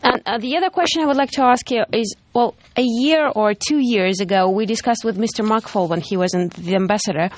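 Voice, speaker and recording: A woman radio host with a Russian accent, interviewing in English with halting restarts and easy laughs. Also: fairly high pitch. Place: radio studio. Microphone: studio microphone.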